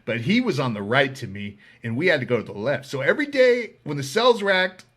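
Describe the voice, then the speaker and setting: A man hosting a podcast, casually telling a story, animated and profane, acting out the voices of people he quotes. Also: medium pitch, fairly quick, husky. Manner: animated, swears freely, acts out quoted voices. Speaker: podcast host.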